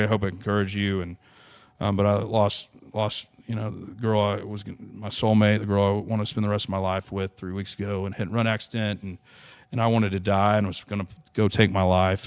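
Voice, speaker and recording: A man's voice: fairly low pitch, clean tone, no room sound. A young man, a podcast guest, telling a personal story in an earnest, rambling way with many restarts.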